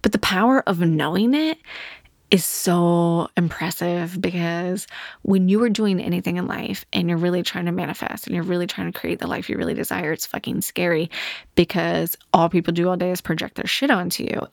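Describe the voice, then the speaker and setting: A woman's voice: lowish voice, fairly even intonation, moderate pace, vocal fry, no echo, studio quality. A woman in her thirties hosting her own podcast, talking off the cuff in a candid, casual way and swearing often. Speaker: podcast host. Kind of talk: casual solo podcast monologue.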